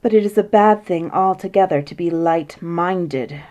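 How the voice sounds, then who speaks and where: A tearful, fretful queen from a storybook, pitched well above the reader's own voice and ready to quarrel, as a woman puts her on. She sobs and snaps back, always wanting the last word. The reading is unhurried. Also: a little mellow, natural voice. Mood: quarrelsome. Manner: high-pitched, sobbing, quarrelsome.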